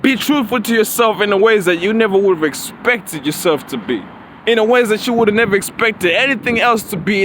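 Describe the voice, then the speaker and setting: High-voiced man ranting profanely outdoors. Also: animated, brisk, a bit bright, slight background noise. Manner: profane, preachy, rambling with slang. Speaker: vlogger. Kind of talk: rambling freestyle monologue.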